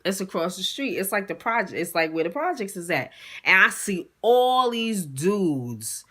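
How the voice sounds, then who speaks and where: A young woman, telling an animated, profane storytime straight to her viewers. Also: medium pitch, moderate pace. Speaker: vlogger. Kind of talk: casual storytime.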